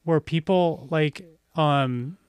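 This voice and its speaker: Male co-host, casual and rambling, a bit higher pitched; dry mic. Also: slow, smooth, dry recording. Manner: rambling, heavy use of "like" fillers. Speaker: podcast co-host. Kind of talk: casual podcast chat.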